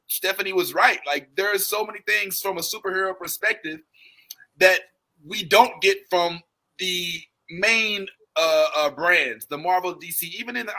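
A man hosting a casual podcast chat, animated and laughing often as he talks. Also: a little high, poor audio. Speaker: podcast host.

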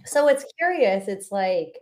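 A woman's voice: medium pitch, very animated, measured pace, a little mellow. A woman hosting a podcast, asking curious, affirming questions in a casual interview. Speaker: podcast host.

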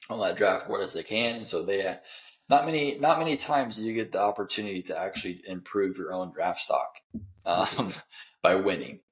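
A man with a very low voice hosts a casual sports podcast. His delivery is dry and sarcastic, and he leans on ums between his thoughts. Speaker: podcast host.

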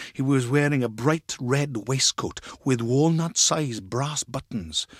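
A man narrating a story in a measured, expressive reading. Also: mid-range voice, no echo, studio quality.

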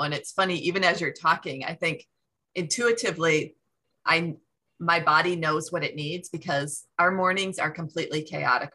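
A woman hosts a relaxed interview and breaks in with quick nods of agreement. Her voice is low-pitched yet bright and forceful. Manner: brief listening responses, anecdotal. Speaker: podcast host. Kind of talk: casual interview talk.

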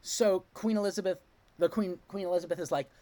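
A man's voice: sits high, fast. A man hosting a podcast, recapping a play in a loose, jokey way. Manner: animated, jokey storyteller who slips into quoted voices. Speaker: podcast host. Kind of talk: casual chat recapping a play.

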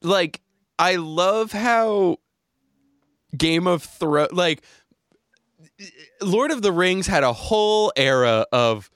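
Man podcast host, rather high voice, dry close sound, giggly rambler. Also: expressive, slow pace, pauses often, a bit bright, smooth, no echo. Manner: giggly, rambling with many fillers. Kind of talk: casual podcast chat.

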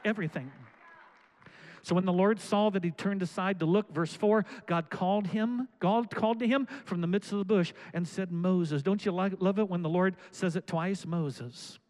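A man preaching a sermon, reading scripture aloud and commenting on it, and building up to shouted calls to the congregation. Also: sits high, normal speed, hardly any pauses, rough recording. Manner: preaching with rising, shouted exhortations. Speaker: pastor.

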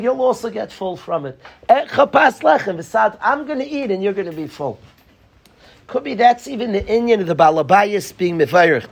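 A man's voice: high-pitched, vocal fry, breathy edge. A man giving an informal, joking Torah talk to a small group, repeating his key phrases with animation. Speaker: Torah teacher.

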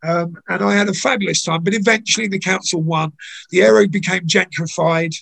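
An older man, a guest in an interview, telling anecdotes in a chatty way full of "you know"s, with a gravelly, husky voice. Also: high-pitched, steady tone, a little fast, a bit bright. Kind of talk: conversational storytelling.

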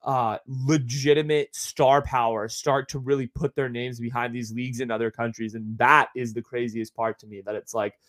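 A man's voice: mid-range voice, steady tone, moderate pace, few pauses, a bit bright. A man hosting a podcast in a casual, rambling monologue full of fillers and asides. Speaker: podcast host.

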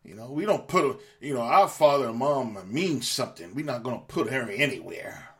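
Speaking at a moderate pace in an expressive mid-range voice, this male podcast host rants furiously at his audience. He swears, lectures them, and keeps repeating himself as his anger builds.

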